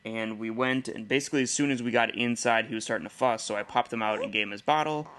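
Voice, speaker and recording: Candid, rambling dad talking casually. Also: male voice, medium pitch, fast talker, a bit bright, a little hiss or hum. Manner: candid and rambling, chuckling often. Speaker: stay-at-home dad and podcast host. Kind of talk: casual personal monologue.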